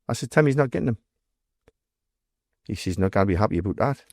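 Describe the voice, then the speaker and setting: A blunt-talking man with a thick Geordie accent tells his stories plainly, swearing freely and voicing the people he quotes. His voice sits at a middling pitch, and the recording is dry and close. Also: animated, a little fast, creaky, mellow, no room sound. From North East England. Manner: blunt storytelling, heavy swearing, acts out quoted dialogue. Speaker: guest, former doorman. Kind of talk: casual interview storytelling.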